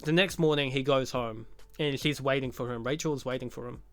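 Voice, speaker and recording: A man's voice: medium pitch, fairly quick, no room sound. A man giving a casual, profane recap of a movie, full of sarcastic jokes and laughing asides. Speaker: YouTube movie commentator.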